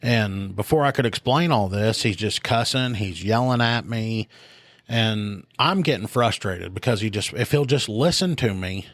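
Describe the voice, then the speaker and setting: A man's voice: fairly low pitch, expressive, moderate pace, a bit bright, dry recording, clean studio sound. A man casually telling a story on a podcast, animatedly acting out both sides of an argument on a phone call. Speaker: podcast co-host.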